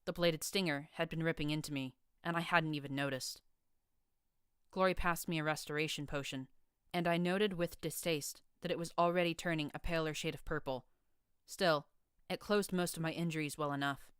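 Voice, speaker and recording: A woman narrating a first-person fan fiction audiobook in an even storytelling manner, close to the mic. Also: low voice, moderate pace, clean tone, no room sound.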